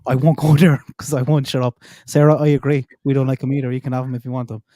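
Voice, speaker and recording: Mellow-voiced man hosting a livestream. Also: medium pitch, flat delivery, quick pace. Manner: conversational, hedging, addresses the chat directly. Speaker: livestream host. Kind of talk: casual chat.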